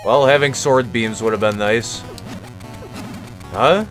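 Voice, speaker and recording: A man's voice: medium pitch, slow, a bit bright, faint music behind. A man streaming a video game and commenting casually, with profane, self-mocking jokes.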